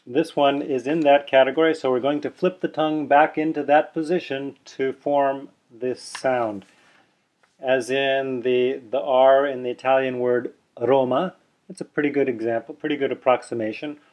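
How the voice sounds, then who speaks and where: A man's voice: mid-range voice, a little mellow. A man teaching a pronunciation lesson on video, patiently explaining and demonstrating sounds aloud, sometimes correcting himself in a casual way. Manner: self-correcting, casually chatty. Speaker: language teacher. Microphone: camera mic, seen on video. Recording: dull lo-fi video audio.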